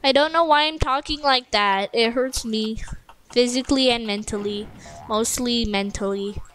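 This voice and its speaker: A woman hosting casual gameplay commentary at a home computer mic, excitable, shrieking and joking while she plays. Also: on the high side, moderate pace. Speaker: gaming channel host.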